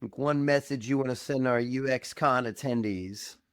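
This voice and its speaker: A man's voice: medium pitch, normal speed, clean tone, dry recording, clean studio sound. A man hosting a podcast interview, playful and joking in casual chat. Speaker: podcast host.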